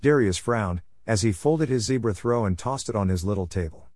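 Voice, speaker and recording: A man narrating a story chapter in an even, measured reading style on a close mic. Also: on the low side, dry recording.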